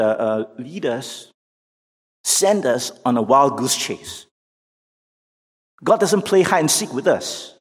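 Preacher guy talking real slow, voice swooping high and low, long echo like a big hall. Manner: emphatic, rising to near shouts on questions, slow and deliberate. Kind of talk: sermon. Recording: long reverb of a large hall.

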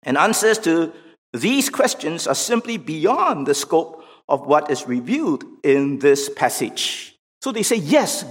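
Male preacher, slow and emphatic, somewhat high voice, big reverberant hall. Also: big pitch swings. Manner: emphatic, rising to near shouts on questions, slow and deliberate. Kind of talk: sermon. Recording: long reverb of a large hall.

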